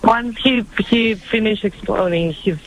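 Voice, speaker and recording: A man calling into an advice show, speaking hesitantly with halting, broken phrases. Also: high-pitched, background noise. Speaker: caller. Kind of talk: phone-in conversation.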